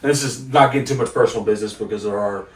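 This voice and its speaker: A man's voice: lowish voice, very fast. A man co-hosting a casual movie review chat, rambling and repeating himself as he talks. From Korea. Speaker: co-host. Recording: echoey room, mic at a distance.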